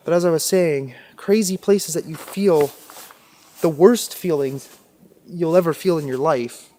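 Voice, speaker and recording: A man's voice: fairly high pitch, a little slow, dark tone, slight background noise. A young man vlogging alone at night in a forest as a paranormal investigator, talking to the camera with many filler words. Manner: talks to camera with filler words, often shifting into urgent frightened whispers. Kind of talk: solo night vlog in a forest.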